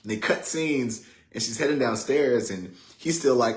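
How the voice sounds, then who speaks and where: A man hosting a casual motivational talk in a relaxed, chatty way with many fillers. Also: mid-range voice, normal speed. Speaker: host. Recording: roomy echo.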